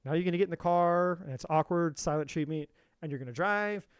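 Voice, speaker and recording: A man with a slightly high voice tells a heated story on a live tarot stream. He swears freely and circles back over the same phrases as he builds his point. The sound is close and dry. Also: fairly quick, smooth, no echo. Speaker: tarot reader. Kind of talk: live-stream spiritual talk.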